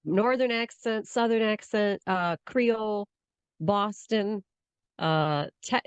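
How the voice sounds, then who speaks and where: A woman's voice: mid-range voice, takes it slowly, clear, resonant tone, no echo, lo-fi sound. A woman co-hosting a casual chat podcast from the United States, rambling and restarting her sentences. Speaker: podcast co-host.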